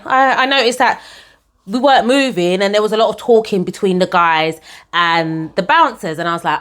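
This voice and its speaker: A young woman telling her own story to camera in a chatty, animated way, often calling her viewers guys. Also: mid-range voice, fairly quick.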